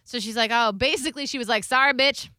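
Casting: woman co-host, bright clear voice, candid and confessional, close dry mic. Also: a little high, very fast, no room sound. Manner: open, confessional, swears casually. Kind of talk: candid conversational storytelling.

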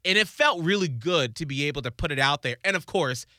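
A man co-hosting a casual podcast chat, animated and laughing often, who jumps into high-pitched voices when he quotes people. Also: fairly quick, no echo, clean studio sound. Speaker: podcast co-host.

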